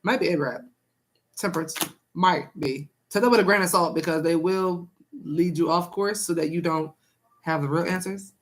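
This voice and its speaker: A woman's voice: lowish voice, normal speed, a little hiss or hum. A young woman doing a casual live-stream tarot reading, chatting with viewers and repeating herself.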